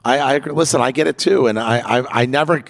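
A man's voice: mid-range voice, fast, creaky. A man co-hosting a podcast in casual chat, earnest and restarting his words when worked up. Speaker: podcast co-host. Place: at home in LA.

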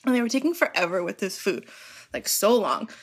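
A woman's voice: mid-range voice, big pitch swings, fairly quick, breathy edge. A young woman telling a story in casual podcast chat, laughing often, swearing and filling her talk with "like". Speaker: podcast guest.

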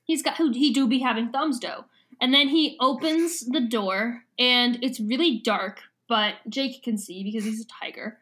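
A young woman co-hosts a book podcast in an easy, casual chat. She laughs often and jumps into scenes with quick little voices. Her voice sits on the high side. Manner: animated, giggly, retells scenes in voices. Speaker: podcast co-host.

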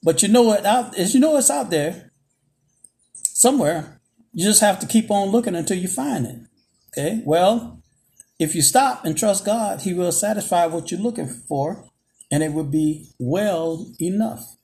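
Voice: medium pitch, expressive, a little slow, a little mellow. A preacher delivering a sermon in emphatic, repetitive phrases, checking in with "Okay?". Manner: emphatic call-and-response phrasing, repeats "Okay?".

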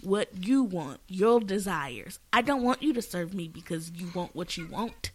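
Earnest woman, slightly low voice. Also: animated, normal speed. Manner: earnest, preachy, stumbles on restarts. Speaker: podcast co-host. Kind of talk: casual faith talk.

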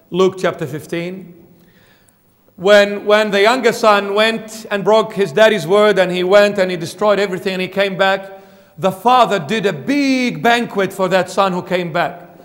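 Man, bishop preaching, emphatic, questions the listeners, high voice, long church echo. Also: normal speed, fairly bright tone. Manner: emphatic, questions the congregation directly. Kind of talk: sermon.

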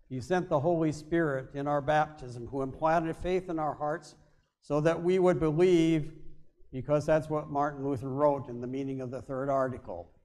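A male pastor preaching a sermon, with emphatic stresses that drop to quiet, low endings. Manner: emphatic, swings between loud stresses and quiet drops.

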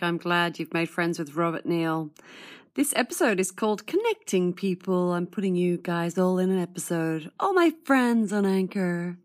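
A woman's voice: medium pitch, normal speed, no room sound, clean studio sound. A woman hosting a podcast, chatting casually and playfully in reply to listener messages, stretching words for emphasis. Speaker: podcast host. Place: outdoors in her garden at night.

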